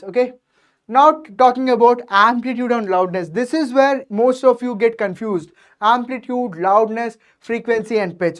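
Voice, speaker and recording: Woman teacher, "okay?" after every point. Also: fairly high pitch. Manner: explains patiently, ends nearly every point with "okay?"; addresses students directly and checks understanding. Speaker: science teacher. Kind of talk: exam revision lecture.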